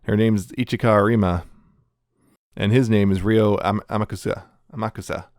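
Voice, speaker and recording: A man's voice: fairly low pitch, steady tone, darkish tone, no room sound, clean studio sound. A man co-hosting a casual podcast, rambling as he recaps anime plots. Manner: rambling, recaps plots with quick acted quotes and laughs. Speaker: podcast co-host. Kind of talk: casual chat reviewing anime.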